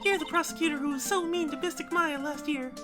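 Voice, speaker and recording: A man voicing a shy, sweet little girl, high and squeaky, over game music. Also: steady tone, fast. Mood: sulky. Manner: timid, pleading, high squeaky voice.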